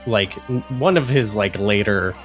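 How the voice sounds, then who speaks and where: A man's voice: fairly low pitch, moderate pace, faint music behind. A man co-hosting a podcast in casual chat, rambling with lots of fillers. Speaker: podcast co-host.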